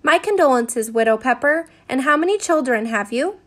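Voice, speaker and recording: A woman voicing a weary, patient male census taker who speaks formally and measured. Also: high-pitched, lively intonation.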